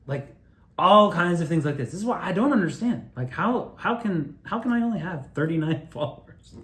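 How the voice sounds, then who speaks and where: A man telling a rambling personal story, excitable and profane, often restarting his sentences. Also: on the high side, fairly quick, reverberant. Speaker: video creator telling his own story.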